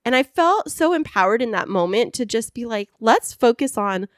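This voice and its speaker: A woman's voice: a little high, very animated, fairly quick, dry recording, studio quality. A young woman co-hosting a podcast, chatting casually and gushing with frequent giggles. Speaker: podcast co-host. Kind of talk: casual chat.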